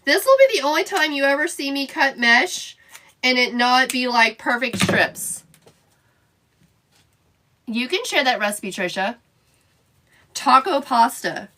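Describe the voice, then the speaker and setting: A woman's voice: high-pitched, lively intonation, unhurried, long pauses, sharp tone, slight background noise. A woman hosting a casual craft live stream, chatting and answering viewer comments by name as she works.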